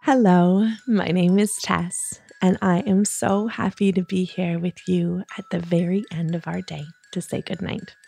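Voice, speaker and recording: A woman hosting a children's bedtime podcast, talking in a soft, soothing, gentle way. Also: fairly low pitch, steady tone, vocal fry, faint music behind. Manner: soft, slow, soothing, playfully acts out yawns. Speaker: host of a kids bedtime podcast.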